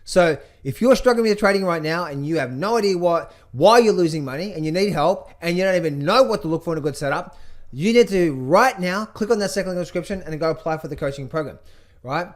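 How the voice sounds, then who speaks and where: A middle-aged man coaching on trading, talking over charts in an energetic, playful way, chanting phrases in a sing-song repetition. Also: a little high, quick pace. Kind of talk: casual market commentary over charts.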